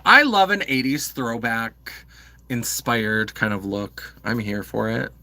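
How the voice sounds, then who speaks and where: A man with a medium-pitched, sharp-toned voice speaks at a slow pace while hosting a live makeup stream. He chats casually, using lots of fillers, and responds to viewers' comments.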